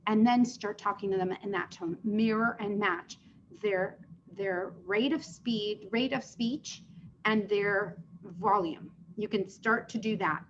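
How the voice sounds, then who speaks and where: A woman's voice: mid-range voice, unhurried, a little hiss or hum. A woman running a live sales training session, explaining with questions put to the group. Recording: dull lo-fi sound.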